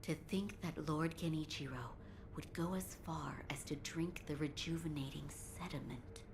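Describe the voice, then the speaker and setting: A woman's voice: deep voice, steady tone, normal speed, noisy background. An actress playing a composed, courteous female castle doctor who speaks formally and politely. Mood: earnest.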